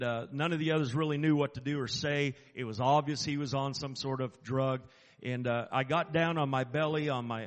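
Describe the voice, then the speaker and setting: A man who is an assistant chaplain, telling a personal story in an earnest, halting and emphatic way. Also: medium pitch, big-room sound.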